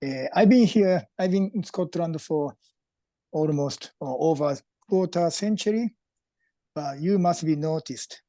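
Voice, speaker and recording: Japanese-accented man, slow, joking. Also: a little high, mellow, no echo. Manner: joking, halting English. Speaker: whisky tasting guest. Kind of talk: online whisky tasting talk. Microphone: video call.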